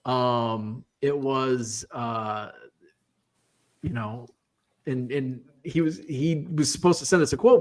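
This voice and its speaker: Chatty man telling an animated story. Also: medium pitch, a little slow. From Midwestern US. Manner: animated, acts out quoted voices. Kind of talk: casual storytelling on a live stream.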